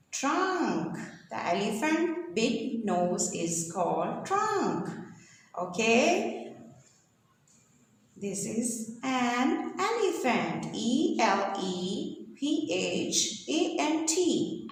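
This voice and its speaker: A woman teaching a children's English lesson, spelling out and repeating simple words in a slow sing-song way. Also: a little high, sing-song, slight background noise. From Pakistan. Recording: echoey room with long reverb.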